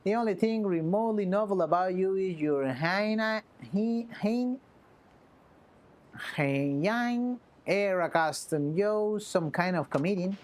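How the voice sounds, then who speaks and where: A woman's voice: mid-range voice, takes it slowly, a little mellow, natural voice. A woman voicing a blunt, mocking male brawler from a video game, sarcastic and impatient in casual slang. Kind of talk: reading game dialogue aloud.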